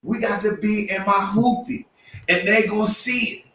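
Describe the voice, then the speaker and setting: A man co-hosting a podcast, telling a story with lively acted-out quotes and sudden jumps in pitch. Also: normal speed, distant mic, heavy background noise. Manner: excitable, acts out quotes with big pitch jumps. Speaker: podcast co-host. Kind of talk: animated storytelling. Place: room at a live podcast show. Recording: roomy, from off the mic.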